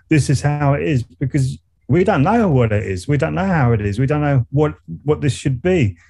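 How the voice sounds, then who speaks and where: Gravelly Surrey-accented man, reflective. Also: mid-range voice, mellow. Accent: Surrey English. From England. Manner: reflective, rambling, frequent restarts and laughs. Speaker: guest, meditation coach and musician. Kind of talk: casual interview conversation.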